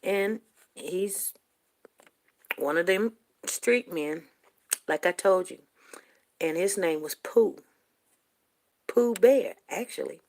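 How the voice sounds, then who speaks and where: An older woman, telling a personal story in a rambling, emotional way that rises to near shouting at tense moments. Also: fairly low pitch, animated, takes it slowly, long pauses.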